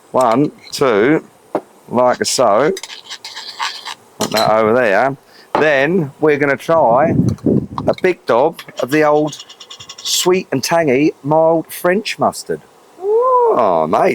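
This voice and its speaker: A middle-aged man hosting a casual outdoor cooking vlog, chatty, cheeky and full of swearing. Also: medium pitch. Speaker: cooking channel host. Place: outdoors at a grill.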